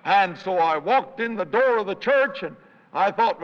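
An older man with a hoarse voice, a traveling evangelist telling folksy stories in a sermon and acting out the people he quotes. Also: sits high, lively intonation, a little slow. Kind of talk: anecdotal sermon storytelling with jokes. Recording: reverberant hall, dull lo-fi sound.

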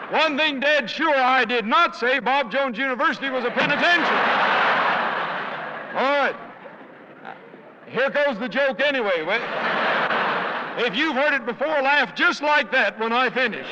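An older man with a hoarse voice, a traveling evangelist telling folksy stories in a sermon and acting out the people he quotes. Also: extremely high pitch, background noise. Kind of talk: anecdotal sermon storytelling with jokes. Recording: reverberant hall, dull lo-fi sound.

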